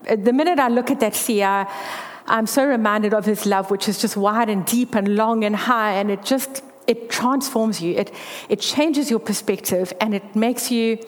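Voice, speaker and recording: A woman's voice: medium pitch, moderate pace. A woman giving a candid faith testimony, telling her story earnestly. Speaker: speaker sharing a faith testimony. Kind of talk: personal testimony talk. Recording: long hall reverb.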